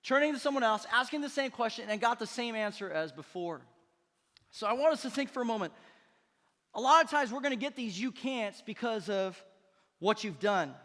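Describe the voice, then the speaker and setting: A male pastor preaches with an energetic, chatty delivery and tosses playful asides to the congregation. His voice sits notably high for a man, and a long reverb trails behind it in the church hall. The style is a lively, casual sermon. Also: moderate pace. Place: church auditorium.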